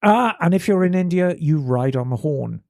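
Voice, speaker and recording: A British woman co-hosting a podcast, chatting casually and reading listener letters aloud in a playful, animated way. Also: lowish voice, normal speed, no room sound, clean studio sound. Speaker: podcast co-host.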